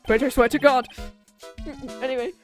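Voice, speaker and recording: A British woman in her twenties chats casually through a game stream, joking and voicing the dialogue. Her voice sits a little high, with faint music under it. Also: steady tone, normal speed. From Britain. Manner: chatty, joking, reads game lines in voices. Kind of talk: casual gameplay chat, reading dialogue aloud.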